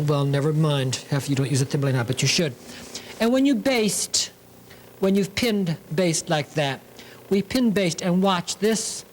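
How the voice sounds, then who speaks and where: A man's voice: high-pitched, normal speed, a little mellow, a little hiss or hum, low-quality recording. A man hosting a sewing demonstration, talking in a theatrical, camp way, full of 'lovely' and 'darlings'. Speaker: sewing show host.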